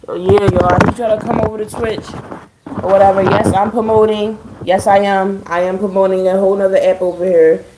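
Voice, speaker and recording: A woman's voice: medium pitch, little pitch movement, brisk, roomy sound, very noisy. A woman streaming live from home, chatting casually with her viewers, swearing freely and keeping a dry, sarcastic edge. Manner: chatty, profane, addressing viewers as y'all.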